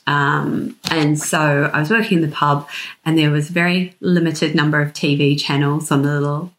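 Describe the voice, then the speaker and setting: A woman's voice: low-pitched, little pitch movement, normal speed. A tired, jet-lagged woman in her thirties with a New Zealand accent, chatting frankly as a podcast guest and laughing easily. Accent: New Zealand, slightly mixed with British. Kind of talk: casual podcast chat.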